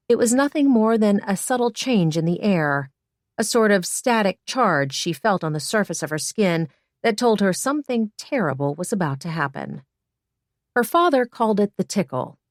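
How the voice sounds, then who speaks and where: A woman narrates a story in a lower-than-usual voice. She reads plainly and gives the characters light voices of their own. The sound is close and dry, with no room in it. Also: no echo. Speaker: audiobook narrator. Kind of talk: scripted narration.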